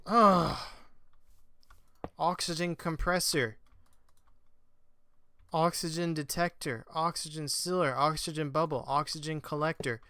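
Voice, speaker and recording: Gaming host, male, bright clear voice on a dry close mic, chatty commentary with mock-angry outbursts. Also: a little high, fairly even intonation, unhurried, no echo. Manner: chatty, flares into mock-exasperated rants; self-mocking. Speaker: let's play gamer. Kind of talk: casual gameplay commentary.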